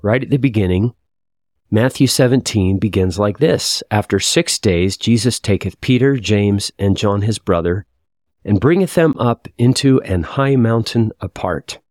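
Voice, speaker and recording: Low-voiced man teaching scripture. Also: expressive, a little slow, a little mellow, no room sound, studio quality. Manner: reflective, confessional, reads verses aloud. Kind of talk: scripture lesson podcast.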